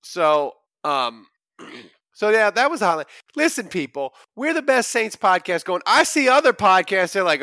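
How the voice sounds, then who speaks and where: A man hosting a sports podcast, animated and joking, swinging from loud bursts to mumbles. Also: high voice, normal speed, dry recording, clean studio sound. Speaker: podcast host. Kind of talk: casual podcast banter.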